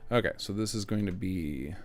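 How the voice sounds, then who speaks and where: A man's voice: low-pitched, normal speed. A man streaming live as he works, thinking aloud and muttering to himself as he checks numbers. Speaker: game mod developer streaming. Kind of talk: live-streamed work commentary.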